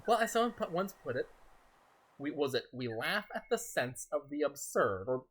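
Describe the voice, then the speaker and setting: Bright-voiced guy rambling quietly on his game stream, laughs a lot. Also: fairly high pitch, big pitch swings, moderate pace, slight background noise. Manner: rambling, soft-spoken, chuckles often. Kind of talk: casual gaming stream chat.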